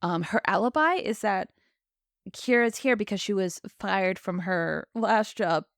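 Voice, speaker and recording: In a mid-range voice and at a measured pace, a woman co-hosting a podcast chats about an episode, slipping into the characters' quoted lines. Studio-quality audio, no echo.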